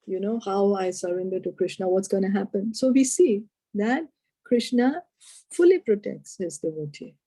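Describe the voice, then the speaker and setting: A woman spiritual teacher retelling a scripture story and explaining its lessons, asking lively rhetorical questions. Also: mid-range voice, moderate pace, no echo.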